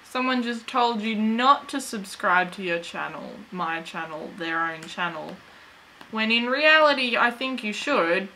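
A woman streamer gives a goofy running commentary on her game, unhurried and rambling. Her voice is bright and sits a little high, and she chats away to her viewers and the screen. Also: slight background noise, low-quality recording. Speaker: gaming channel host. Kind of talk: let's play commentary.

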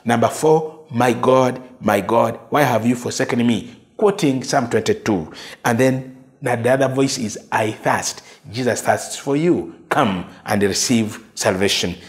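Slow, emphatic preacher man. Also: mid-range voice. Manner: slow, emphatic preaching with repeated phrases and quoted lines. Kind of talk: sermon.

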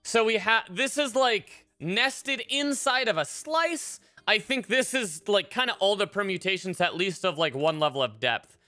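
A woman's voice: medium pitch, animated, unhurried, hardly any pauses, pushed and bright, no echo. A woman live-coding on a stream, chatting casually and swearing freely as she thinks aloud. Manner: profane, thinks aloud with fillers. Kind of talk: casual live-stream chat while programming.

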